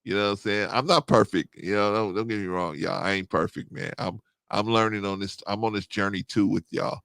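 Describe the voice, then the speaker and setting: A middle-aged man, hosting a casual livestream, reading chat and getting animated as he agrees. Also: fairly quick, gravelly, no echo, clean studio sound. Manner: animated, rising to excited high pitch when agreeing. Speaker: host.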